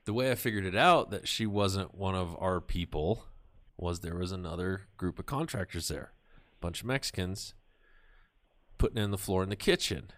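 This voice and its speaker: A man with a lowish voice spins a loose, profane anecdote on a podcast. He drops into quick impressions of the people he describes and swears freely. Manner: profane, animated storyteller who acts out voices. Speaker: podcast talker. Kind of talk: casual podcast chat.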